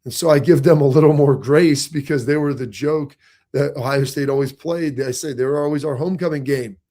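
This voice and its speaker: A man in his forties hosting a sports talk show, talking in an energetic, emphatic, conversational way. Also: on the high side, a little fast. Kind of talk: casual sports talk commentary.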